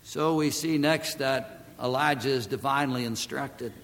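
A man preaching a sermon emphatically, swelling to loud declamation and dropping back low. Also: normal speed, big-room sound.

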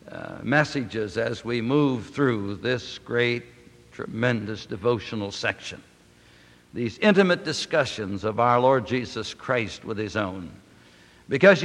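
A male pastor delivers a sermon in a bright, forceful voice, slow and deliberate, pushing up in pitch and volume on the words he wants to stress. His voice rings out through a church sanctuary with a long, trailing reverb. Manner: slow, deliberate and emphatic, rising on key words. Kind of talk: expository sermon.

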